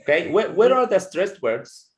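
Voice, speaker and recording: A man teaching English pronunciation in an online class, repeating words and phrases slowly for his students. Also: high-pitched, big pitch swings, poor audio. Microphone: video call.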